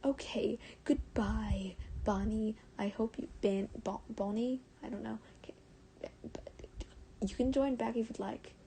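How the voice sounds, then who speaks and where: Young American woman, warm mellow tone, casual read-aloud streamer who stumbles, giggles and whispers now and then. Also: on the high side, fairly even intonation, a little slow, gravelly, slight background noise, poor audio. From United States. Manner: stumbles over words, giggles, drops into soft whispers. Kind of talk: reading fan fiction aloud on a livestream.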